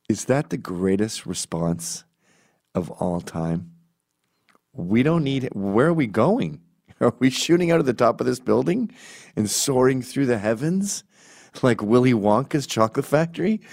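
Middle-aged man, low voice, rambling comic storytelling. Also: normal speed, darkish tone. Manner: rambling, self-correcting, acts out voices in high squeaks. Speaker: comedian. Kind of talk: casual storytelling monologue.

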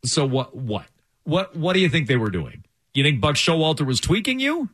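A man filling in as a sports radio host, talking in an animated, sarcastic way. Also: fairly high pitch, normal speed, husky. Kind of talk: casual sports talk.

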